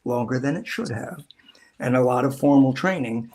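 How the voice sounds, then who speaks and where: A middle-aged actor telling stories in a casual interview, rambling and acting out quoted lines in different voices. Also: male voice, medium pitch, normal speed. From Southern California. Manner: rambling, animated, acts out quotes. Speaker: actor guest.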